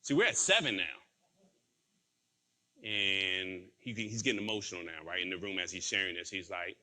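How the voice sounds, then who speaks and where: A man's voice: lowish voice, moderate pace, bright, forceful tone. A man giving a motivational sales training talk, telling a story and acting out the quoted dialogue in it.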